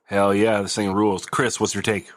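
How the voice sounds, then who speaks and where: A man's voice: lowish voice, level tone, moderate pace, no echo, studio quality. A man hosting a podcast in casual chat, laid-back and swearing freely. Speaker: podcast host.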